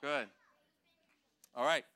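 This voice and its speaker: A man giving a gentle, conversational sermon, talking to the children and the adults in the congregation. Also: extremely slow, background noise. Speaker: pastor. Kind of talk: children's sermon with audience participation.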